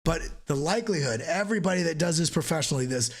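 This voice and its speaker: A man's voice: on the high side, animated, fast talker. A male host giving emphatic market analysis, repeating rhetorical questions to the viewer.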